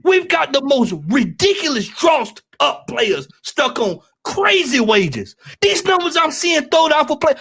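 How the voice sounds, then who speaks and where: A man with a Southern US accent rants heatedly as a football fan panelist. His voice sits high and swings widely, and he hammers his points by repeating them and raising his voice to shouts. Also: very animated, measured pace, gravelly, few pauses. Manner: ranting, repetitive, rising to shouts.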